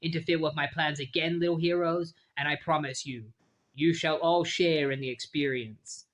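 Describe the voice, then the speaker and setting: A man's voice: fairly high pitch, fairly even intonation, moderate pace, fairly bright tone, lightly acted. A man voicing a grandiose male supervillain with formal, menacing speech while retelling a comic. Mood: gloating. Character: pompous weather-controlling male supervillain.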